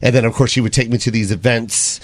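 A man who is a comedian, telling stories as a talk-show guest in an animated, playful way. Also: medium pitch, quick pace, dry recording. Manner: animated storytelling with playful voices. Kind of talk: casual talk-show chat.

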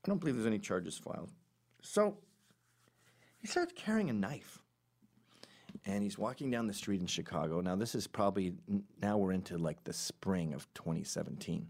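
A middle-aged man hosting a podcast, telling stories in an animated, sarcastic, casual way. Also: lowish voice, moderate pace, vocal fry. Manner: animated storytelling with sarcastic asides. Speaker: podcast host.

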